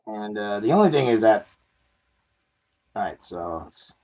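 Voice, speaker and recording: A man's voice: lowish voice, expressive, a little slow, warm tone, dull audio. A man chatting casually while unboxing a collectible toy car, self-mocking and laughing at himself.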